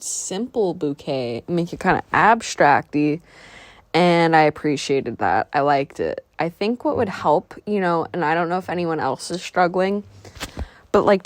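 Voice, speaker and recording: Art vlogger, young woman, lowish voice, chatty rambling voiceover, dry close mic. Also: a little mellow, no echo. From San Diego area, US. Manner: chatty, rambling, self-talk asides. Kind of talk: casual voiceover chat.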